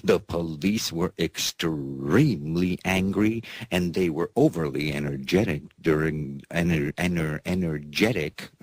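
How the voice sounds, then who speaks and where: A man's voice: rumbling low, unhurried, hardly any pauses, no echo. A man hosting an alternative news show, reading headlines with folksy sarcasm and mocking laughter. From United States.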